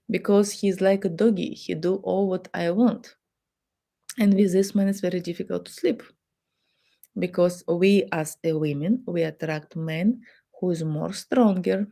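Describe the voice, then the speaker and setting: A woman with a Russian accent speaks as a therapist giving advice in plain, simple non-native English. Her voice is mellow and warm, and she talks straight to her listeners. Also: lowish voice, creaky. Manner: non-native English with simple grammar, acts out quoted dialogue. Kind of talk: advice talk to the camera.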